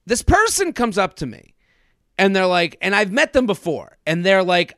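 A man in his thirties hosting a podcast, telling a comedic story in an animated way and acting out other people's lines. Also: high voice, normal speed, dry recording, clean studio sound. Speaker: podcast host. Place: studio.

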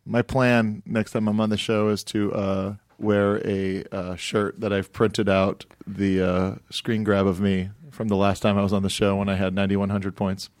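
A man's voice: lowish voice, level tone, normal speed, few pauses, darkish tone, dry recording, studio quality. A man joking and teasing in a casual podcast chat.

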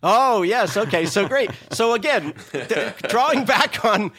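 A middle-aged man from Rhode Island, a comedy writer and songwriter, telling stories in casual chat and breaking into quick impressions and sung lines. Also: sits high, expressive, a bit bright.

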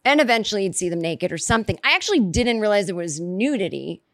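A woman's voice: medium pitch, expressive, fast talker, dry recording, studio quality. A woman telling a casual comic story, rambling and chatty, acting out quoted reactions as she goes.

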